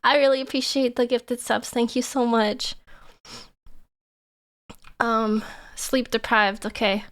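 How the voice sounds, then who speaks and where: A young woman streamer chatting casually with her viewers, excitable and laughing often. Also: fairly high pitch, takes it slowly, long pauses. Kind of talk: casual livestream chat.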